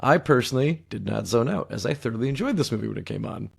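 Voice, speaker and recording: A man's voice: mid-range voice, lively intonation, fast, creaky, breathy edge. A man in his thirties co-hosting a podcast, chatting casually about a film with dry joking asides. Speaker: podcast co-host. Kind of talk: casual movie review chat.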